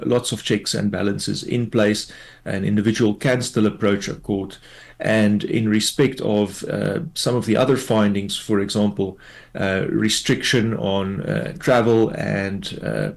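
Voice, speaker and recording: A man, a tax law expert, explains a court ruling in a measured way, with many fillers, in a radio news interview. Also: fairly low pitch, vocal fry.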